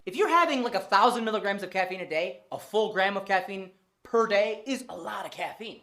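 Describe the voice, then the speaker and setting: A woman in her thirties talking straight to camera in a casual vlog monologue, animated and profane, driving her points home by repeating them. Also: mid-range voice, brisk, a little hiss or hum. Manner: animated, profane, emphatic repetition. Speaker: fitness vlogger.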